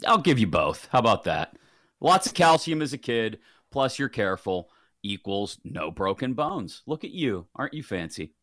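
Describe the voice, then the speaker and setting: A man's voice: mid-range voice, big pitch swings, moderate pace, a bit bright, dry recording, clean studio sound. A man filling in as co-host, chatting casually and telling self-deprecating stories with frequent laughs. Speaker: fill-in co-host. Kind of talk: casual chat.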